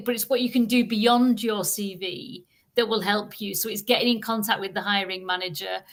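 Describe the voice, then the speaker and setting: A woman's voice: mid-range voice, vocal fry, a bit bright. A woman, a marketer co-hosting a live online show, explaining ideas in an upbeat, chatty way. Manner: upbeat, explanatory, repeats words when restarting. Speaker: co-host, marketer. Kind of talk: casual live-stream chat.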